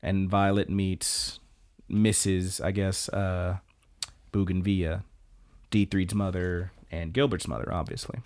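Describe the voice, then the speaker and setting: A man's voice: deep voice, a little slow. A man co-hosting a podcast, casually recapping anime episodes and acting out what the characters say. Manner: retells scenes, acting out character lines; relaxed, conversational with hesitations. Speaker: podcast co-host.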